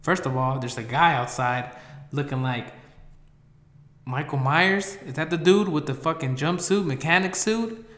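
A man tells a meandering, foul-mouthed story in a blunt way, lurching between loud outbursts and quiet mutters. The room he's in is echoey.

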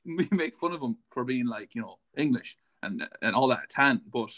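A man hosting a podcast, asking questions in a halting way and repeating words. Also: mid-range voice, expressive, crowd noise. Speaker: podcast host. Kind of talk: casual interview.

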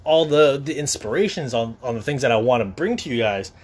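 A man's voice: medium pitch, expressive, a little fast. Young man, vlogger, casual talk to viewers, rambling, swearing, stammering. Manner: rambling, profane, stammers and restarts often.

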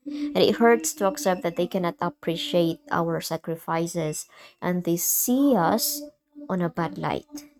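A young Filipino woman with a mix of American and British in her accent, hosting a personal solo podcast and talking candidly and emotionally, often halting and restarting. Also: fairly low pitch, a little mellow. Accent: Filipino, mixed with American and British. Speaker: podcast host.

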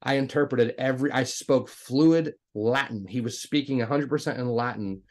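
Animated man telling a story. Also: moderate pace. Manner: animated, acts out dialogue with raised pitch; self-described jokester, talkative with many restarts. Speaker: guest telling his faith story. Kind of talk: casual storytelling.

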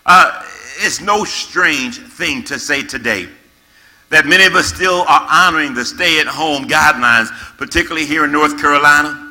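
A man preaching a sermon to young people, reading scripture slowly and repeating key words for emphasis. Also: fairly high pitch, pushed and bright. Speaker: pastor. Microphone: camera-facing, recorded for online viewers.

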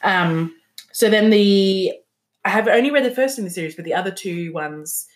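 A woman's voice: medium pitch, normal speed. A woman chatting casually about books on a podcast, giggly and trailing off with ums. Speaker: book podcast co-host.

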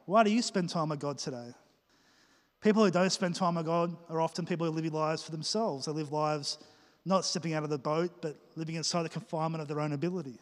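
A male pastor, preaching a lively sermon and joking as he acts out little scenes for the congregation. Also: on the high side. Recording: reverberant church hall.

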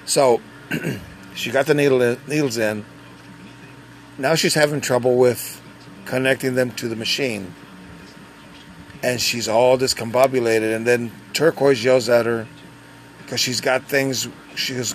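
A man telling a personal story in a casual, conversational way, pausing and restarting as he goes. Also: medium pitch, steady tone, a little hiss or hum. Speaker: dialysis patient.

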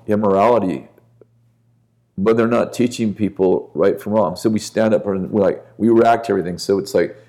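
A man's voice: on the low side, mellow. A man speaking as a guest minister on a podcast, telling a story earnestly and with conviction.

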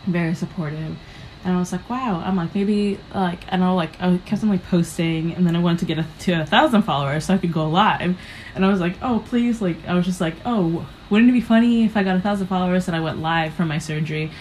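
A young woman from the United States speaks with a notably low voice over a faint hiss. She guests as a comedian, rambling through her stories with plenty of fillers. She acts out her own reactions as she goes. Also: fast, a little mellow, rough recording. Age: young adult. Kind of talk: casual interview storytelling.

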